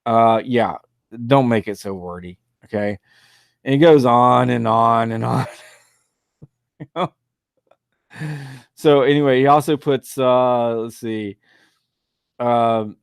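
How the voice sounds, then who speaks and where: A man hosting a talk show in a loose, rambling monologue, often breaking into laughter. He sounds exasperated and mocking at a mid pitch, recorded dry and close with no room sound. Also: slow pace, long pauses, smooth, dry recording. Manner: loose and rambling, with many fillers. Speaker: talk radio host. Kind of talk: casual monologue.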